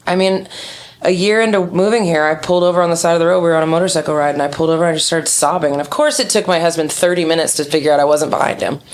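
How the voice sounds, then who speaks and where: Interview guest, woman, lowish voice, candid and animated storyteller. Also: very fast. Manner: candid, animated storyteller who acts out quotes. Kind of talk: casual interview chat.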